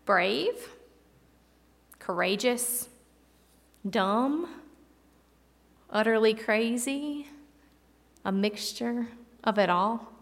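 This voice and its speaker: A woman preacher giving a reflective sermon with dramatic pauses, in a church hall. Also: a little high, lively intonation, vocal fry. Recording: long hall reverb.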